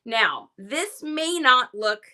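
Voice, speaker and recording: High bright-voiced energetic woman host. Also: slow. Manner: energetic, enthusiastic, rambling. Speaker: livestream reseller host. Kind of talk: casual livestream chat.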